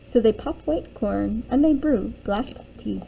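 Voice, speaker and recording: A woman's voice: fairly high pitch, measured pace, vocal fry, mellow, a little hiss or hum, poor audio. A young adult woman teacher reading a children's picture book aloud, with sing-song storytelling and little character voices.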